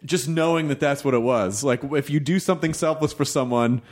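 A man's voice: on the high side, fairly quick. A man hosting a podcast in casual chat, playful and joking, laughing often. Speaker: podcast host. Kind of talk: casual conversation.

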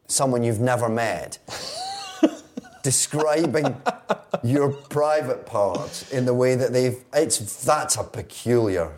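A man's voice: medium pitch, slow pace, darkish tone. A man from Scotland, an actor guest on a talk show, wry and amused, with hesitant fillers. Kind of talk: interview chat.

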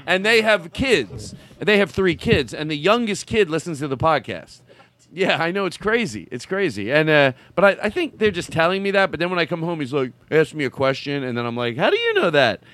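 A man hosting a comedy podcast, talking in an excitable, rambling way with many restarts. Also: fairly high pitch, moderate pace. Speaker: podcast host. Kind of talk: casual comedy podcast chat.

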